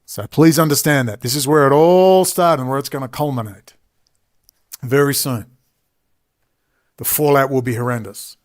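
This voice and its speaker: Speaking at normal speed in a mid-range voice, this middle-aged man with an Australian accent pauses often. His rambling personal story runs long, with frequent digressions and emphatic asides.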